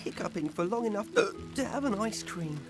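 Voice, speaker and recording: A man voicing a gentle, friendly young bear in a children's cartoon. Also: high voice, expressive, brisk, over music. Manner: friendly and easygoing.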